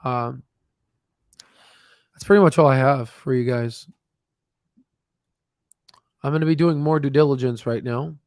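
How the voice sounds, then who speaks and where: A man's voice: medium pitch, measured pace, long pauses, darkish tone, no echo, clean studio sound. A man hosting a stock channel, chatting casually and rambling with many fillers and restarts, laughing at himself. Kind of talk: casual livestream chat. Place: home desk with screen share.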